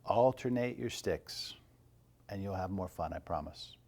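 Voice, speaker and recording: A man teaching an online percussion lesson, calmly coaching and counting rhythms aloud. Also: deep voice, measured pace, husky.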